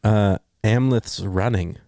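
A man co-hosting a podcast, chatting casually about movies and acting out quotes in an animated way. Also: fairly low pitch, slow, no echo, studio quality. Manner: animated storyteller, acts out quotes. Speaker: podcast co-host. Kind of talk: casual movie review chat.

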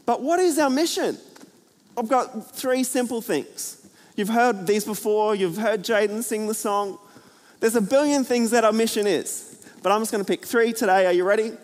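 A man preaching a sermon to a church, chatty and energetic, full of fillers and jokes. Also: sits high, normal speed. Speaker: pastor. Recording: hall reverb.

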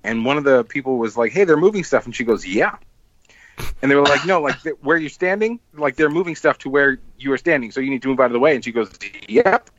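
A man casually telling a long, rambling story on a podcast. He swears a lot and acts out what people said with sudden jumps in pitch. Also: quick pace, no echo, lo-fi sound. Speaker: podcast host.

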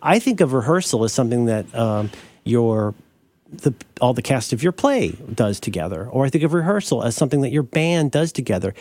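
A man co-hosting a podcast talks in a rambling, self-correcting way, often restarting his sentences. His voice sits at a middle pitch. It was recorded dry and close to the mic. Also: sing-song, a little fast, darkish tone, no room sound. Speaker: podcast co-host. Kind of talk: casual chat.

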